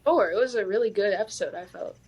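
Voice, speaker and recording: A friendly woman chats casually on a podcast, encouraging the others at a middling pitch. Her talk is loose and chatty, with many fillers and restarts. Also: fast talker, darkish tone, slightly rough. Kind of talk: casual conversation.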